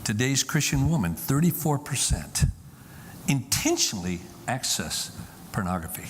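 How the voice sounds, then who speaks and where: A man's voice: medium pitch, very animated, moderate pace, in a large hall, slight background noise. A man giving an emphatic public talk from a stage to a live audience, often repeating key lines for effect. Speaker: Christian speaker.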